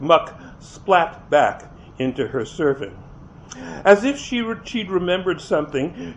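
Male reader, fairly high voice, first-person novel, expressive with small slips; lo-fi, light hiss. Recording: dull lo-fi with faint hiss.

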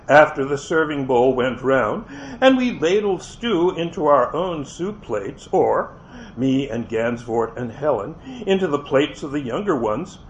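Male reader, fairly high voice, first-person novel, expressive with small slips; lo-fi, light hiss. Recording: dull lo-fi with faint hiss.

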